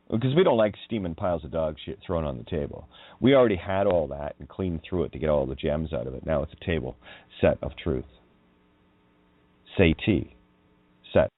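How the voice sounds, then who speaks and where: A man with a low-sitting voice hosts a radio show, delivering a wandering, emphatic monologue about word meanings and swearing when he gets riled. There's no echo, but the line sounds tinny, like a phone.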